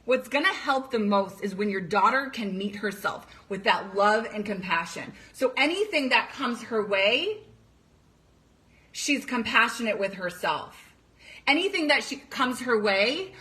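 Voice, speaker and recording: A woman's voice: fairly high pitch, lively intonation, unhurried, bright, forceful tone. A young woman coach talking earnestly to parents, emphatic and direct, sometimes acting out panicked voices. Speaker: coach for teenage girls. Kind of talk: direct-to-camera talk to parents.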